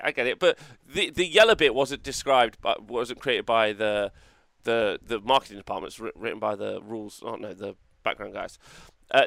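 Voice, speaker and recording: An excitable man hosts a casual rules review, chatting freely and cursing now and then. His voice is bright and forceful. It sounds close and dry, with no room around it. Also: fairly low pitch, unhurried, creaky, no room sound. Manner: excitable, chatty, swears, reacts to viewer comments. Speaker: wargaming show host.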